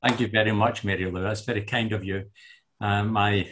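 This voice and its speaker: An older man with a Scottish accent giving an enthusiastic, halting lecture to a parish group as a guest speaker. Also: fairly low pitch, steady tone, fairly bright tone, a little hiss or hum. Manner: enthusiastic, halting with fillers and restarts.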